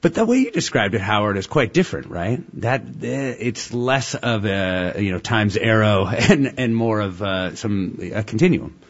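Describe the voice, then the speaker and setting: A male radio host with a lowish voice, talking in a relaxed, chatty way and laughing easily. The broadcast audio sounds a little dull. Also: moderate pace, hardly any pauses, slightly rough. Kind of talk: live radio interview.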